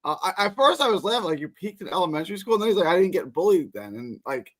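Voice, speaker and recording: Male caller with a high, lively voice, talks fast and rambles a bit. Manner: apologetic, animated, rambling. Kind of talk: call-in chat.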